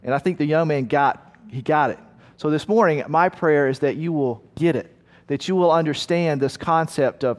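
A man's voice: a little high, moderate pace, darkish tone. A male pastor telling a story in a sermon, then praying earnestly. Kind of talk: sermon with prayer. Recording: long reverb in a big hall.

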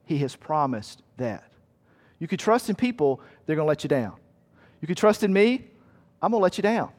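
A man's voice: a little high, very animated, normal speed, a little mellow. A man preaching a sermon in a church hall, earnest and emphatic, telling a story and repeating words for weight. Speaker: pastor. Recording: long hall reverb.

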